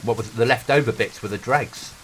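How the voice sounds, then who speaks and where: A man's voice: medium pitch, a little fast, a bit bright, slight background noise, poor audio. A middle-aged British man streaming a game, chatting earnestly and telling stories to a friend. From Britain. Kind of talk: casual chat while gaming.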